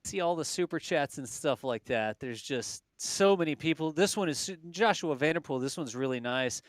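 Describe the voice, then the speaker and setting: A man with a South Texas accent co-hosts a live launch stream, offering casual live commentary that's chatty and folksy, and he laughs easily. His voice is on the high side and animated, at normal speed, in a dry recording.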